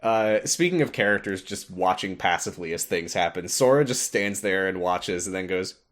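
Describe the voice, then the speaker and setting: A man's voice: sits low, expressive, moderate pace, a bit bright. A man hosting a podcast, recapping a video game in casual chat, rambling with many fillers and frequent laughs. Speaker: podcast host.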